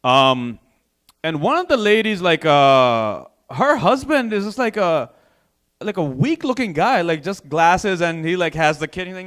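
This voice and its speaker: Open-mic comic, male, high-ish and animated, rambling and swearing. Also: unhurried. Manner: loose, profane, rambling with many fillers. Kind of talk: stand-up comedy set. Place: small comedy club stage.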